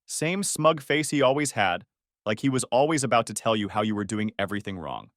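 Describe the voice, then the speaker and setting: A man's voice: fairly low pitch, lively intonation, fairly quick, a bit bright, dry recording, studio quality. Blunt man in his thirties narrating. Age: 30s. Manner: blunt, plain-spoken. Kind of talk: first-person story narration.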